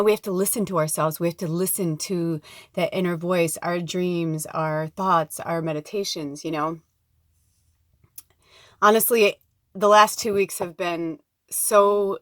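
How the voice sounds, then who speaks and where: A woman with a fairly low voice speaks to her viewers in a rambling, heartfelt vlog. She drifts between laughter and near tears. The sound is close and dry, with no room echo. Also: a bit bright. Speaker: spiritual vlogger. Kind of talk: emotional personal vlog.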